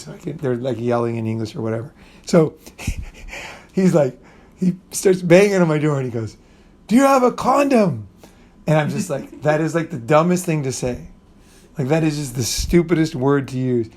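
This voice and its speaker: A man's voice: a little high, moderate pace, a little mellow. Rambling profane man telling a story. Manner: rambling, profane, restarts often, acts out voices in quotes. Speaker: channel host. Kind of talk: casual storytelling monologue.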